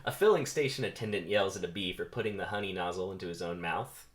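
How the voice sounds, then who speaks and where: A man's voice: sits low, fast talker. A man casually reading stage directions aloud on a first, unrehearsed read. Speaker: script reader.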